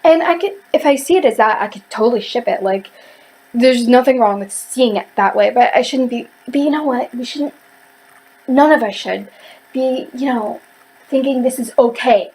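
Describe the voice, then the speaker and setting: Woman ranting in a book review vid, kinda high voice, rambly, keeps restarting. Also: moderate pace, a little mellow, poor audio. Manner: heated, rambling, many fillers and restarts. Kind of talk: casual rant review.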